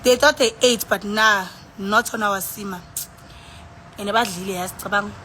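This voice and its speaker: A woman's voice: medium pitch, normal speed, bright, forceful tone. Woman, South African accent, tipsy, rambling and sighing, mixes languages, phone live stream, faint background noise. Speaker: livestreamer. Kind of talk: casual live-stream chat.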